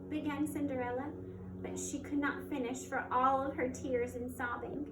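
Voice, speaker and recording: A woman teacher reads a children's fairy tale aloud, expressive and measured. Her voice is quite high. It sounds echoey and distant, with a faint hum behind it. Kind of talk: storybook read-aloud. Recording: echoey room, mic at a distance, faint background noise.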